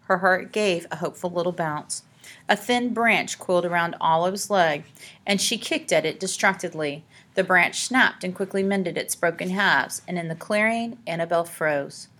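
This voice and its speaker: Audiobook narrator: woman, lowish voice, dramatic storytelling delivery. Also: normal speed, a bit bright. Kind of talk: scripted narration.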